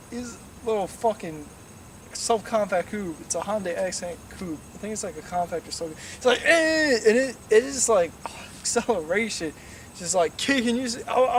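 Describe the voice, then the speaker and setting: Young man, profane and animated storyteller, high-pitched, recorded from a distance. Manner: profane, animated, imitates engine noises. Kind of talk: casual drunk storytelling. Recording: distant mic, faint noise.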